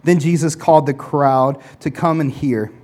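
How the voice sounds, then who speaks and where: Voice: medium pitch, steady tone, normal speed, a little mellow. A pastor preaching a conversational sermon to a congregation, often restarting and repeating words, and acting out people's excuses in mock voices.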